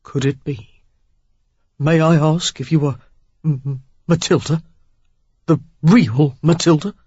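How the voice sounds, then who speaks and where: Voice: mid-range voice, unhurried, creaky, husky, no echo, muffled recording. A reader doing a stuttering, flustered butler. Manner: stuttering, excited. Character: impassive older male butler, flustered.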